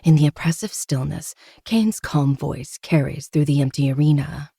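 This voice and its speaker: Brief: host narrating a novel, mellow dark tone, steady intimate delivery. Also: mid-range voice, normal speed, vocal fry, breathy edge, dry recording, clean studio sound. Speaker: podcast host reading a novel. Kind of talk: first-person audiobook narration.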